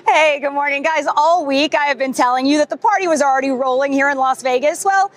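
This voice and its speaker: A woman field reporter giving an upbeat, animated on-location news report. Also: high-pitched, fast talker. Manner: bubbly, animated.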